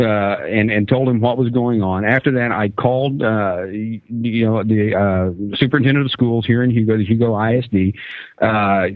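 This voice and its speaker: A middle-aged man, co-hosting a talk radio show and telling a story in a halting way with many fillers. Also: medium pitch, no echo, low-quality recording.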